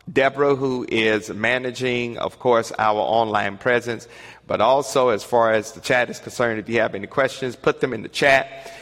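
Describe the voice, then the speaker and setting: A man leading an online Bible study, speaking in a measured way with many fillers and repeated phrases. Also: mid-range voice, a bit bright, in a large hall.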